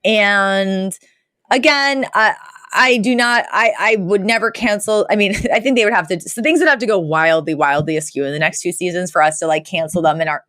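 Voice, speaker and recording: A woman's voice: mid-range voice, moderate pace, a bit bright, dry recording. A woman co-hosting a casual podcast, chatty and full of "like" and "you know" as she recaps a story. Her voice sits in a middle range and sounds close and dry, with no room around it. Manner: chatty, retells scenes with lots of likes and you-knows. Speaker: podcast co-host.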